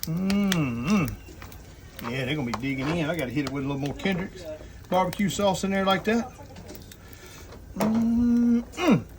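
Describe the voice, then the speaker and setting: A man's voice: sits high, expressive, unhurried, long pauses, crowd noise, rough recording. A man hosting a casual outdoor cooking vlog, talking folksy to viewers as he cooks. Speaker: cooking channel host. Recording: sizzling griddle noise behind.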